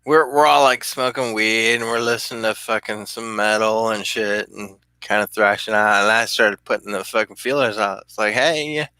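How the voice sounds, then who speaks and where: A man's voice: on the low side, fairly even intonation, normal speed, hardly any pauses, bright, forceful tone, clear, resonant tone, dry recording. A middle-aged man telling rambling, profane stories in a casual vlog and laughing often. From California. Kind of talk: casual storytelling.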